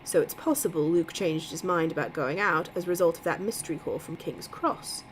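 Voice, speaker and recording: A woman voicing a measured, analytical man who reasons through a timeline. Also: on the low side, a little hiss or hum, natural voice, low-quality recording.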